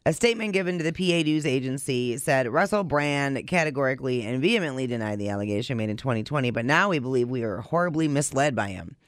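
A man's voice: medium pitch, animated, quick pace, hardly any pauses, a bit bright, dry recording, clean studio sound. A man co-hosting a casual podcast, reading out news reports and adding blunt asides of his own. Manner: reads reports then adds blunt asides. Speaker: podcast co-host.

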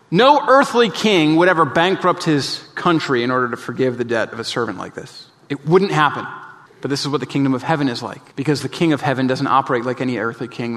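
A man preaching a sermon as pastor, earnest and emphatic, often dropping soft and low to press a point. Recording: long reverb of a large hall.

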